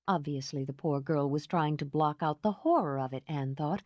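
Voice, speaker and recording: A woman narrating an audiobook in an expressive storytelling manner. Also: low-pitched, moderate pace, hardly any pauses, no echo, clean studio sound. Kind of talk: scripted narration.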